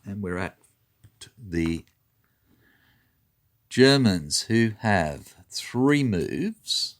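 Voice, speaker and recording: A man's voice: deep voice, a little hiss or hum. A man talking through his moves in a tabletop wargame, methodically counting dice and spaces aloud. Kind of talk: talking through a board game turn.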